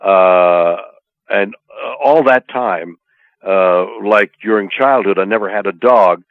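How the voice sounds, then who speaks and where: An older man from Canada, a guest in an interview, talking in a halting, playful way with many drawn-out fillers over a phone line. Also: lowish voice, dry recording. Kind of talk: casual interview chat. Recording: tinny dry phone line.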